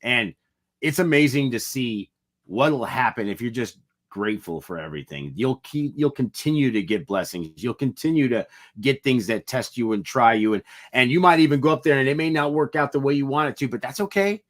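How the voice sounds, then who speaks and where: A man's voice: mid-range voice, animated, fairly quick, a bit bright. A man co-hosting a podcast, talking earnestly and repeating himself for emphasis. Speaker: podcast co-host. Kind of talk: casual reflective chat.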